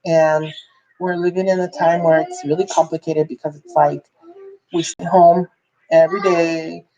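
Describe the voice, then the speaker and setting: A woman's voice: on the low side, flat delivery, moderate pace, warm tone, highs cut off. A woman vlogger telling a personal story in a candid, rambling way, full of fillers and restarts.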